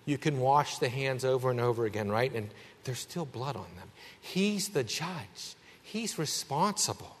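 A man's voice: medium pitch, animated, measured pace. Emphatic male pastor in echoing church. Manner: emphatic, swings between raised and hushed. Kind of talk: sermon.

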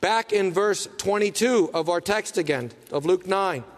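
Pastor, male, high-pitched, emphatic preaching with rhetorical questions, long hall reverb. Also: a little slow. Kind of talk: sermon.

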